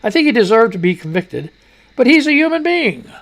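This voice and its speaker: A man's voice: extremely high pitch, sing-song, a little fast, fairly bright tone. A man hosting a radio show, reading news items and breaking off into crude, mocking asides. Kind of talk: casual news commentary.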